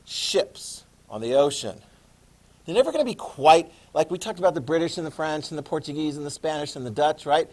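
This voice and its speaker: A man in his fifties giving a classroom history lecture, lively and joking, acting out quotes. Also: a little high, fairly quick. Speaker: history teacher.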